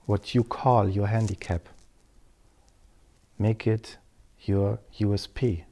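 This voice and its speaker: A middle-aged man gives an earnest lesson on public speaking. His voice sits low, and he speaks very slowly, in measured steps. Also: fairly even intonation, vocal fry, dark tone. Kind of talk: scripted lesson to camera.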